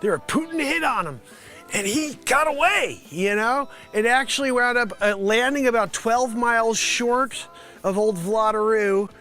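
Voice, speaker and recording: A man delivering a rambling, deadpan mock news report as a comedy vlogger, full of fillers. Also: very high voice, unhurried, faint music behind.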